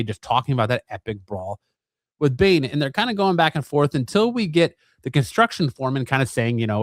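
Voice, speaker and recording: A man's voice: mid-range voice, a little fast, dry recording. Man casually recapping a comic, dry sound. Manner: relaxed, rambling retelling with many fillers. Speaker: comic book review channel host.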